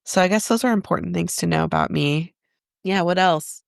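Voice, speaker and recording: A woman's voice: fairly low pitch, brisk, vocal fry, dry recording, clean studio sound. A woman guest in an interview, a therapist, talking in a reflective, self-questioning way and laughing often. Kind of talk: casual interview conversation.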